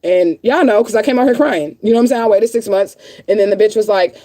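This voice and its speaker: An upset woman ranting on a livestream, close to tears and blunt, swearing freely and hammering the same phrases again and again. Her voice is mellow and warm in tone. The sound is dry and close, picked up by a phone or webcam mic. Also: medium pitch, quick pace, dry recording. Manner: blunt, profane, repeats herself insistently. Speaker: livestreaming vlogger. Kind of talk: emotional livestream rant to viewers.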